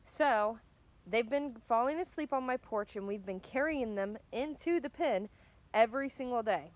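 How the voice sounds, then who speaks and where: Speaking in a fairly high, expressive voice at a moderate pace, a woman vlogs beside her chicken pen at the edge of the woods. The handheld phone footage is a casual walk-and-talk, and she's clearly upset, cursing and saying "bam" again and again.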